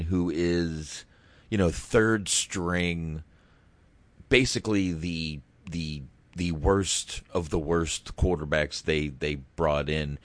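Low-voiced, unhurried man swearing casually. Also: no echo. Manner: profane, laughs often, rambling restarts. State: sore throat after shouting. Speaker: podcast co-host. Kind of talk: casual movie review chat.

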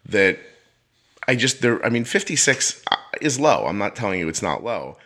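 A man's voice: lowish voice, big pitch swings, normal speed, bright, forceful tone. A middle-aged man hosting a podcast, telling a story in a casual chat and acting out the voices of the people he quotes. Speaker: podcast host.

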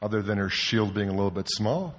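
A man preaching a sermon, telling a story in an animated way and swinging from hushed to loud. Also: lowish voice, a little fast. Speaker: pastor.

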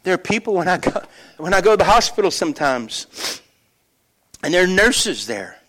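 A middle-aged pastor preaches with a voice pitched a little above most men's. He tells stories with lively swings in loudness, then drops low and earnest to press his point home. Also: moderate pace, slight background noise. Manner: animated storytelling that shifts between loud excitement and quiet earnest emphasis. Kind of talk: sermon.

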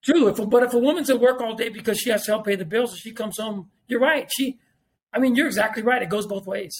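A man's voice: extremely high pitch, fast. A man, talking as a podcast guest in casual chat, emphatic, repeating himself and swearing freely.

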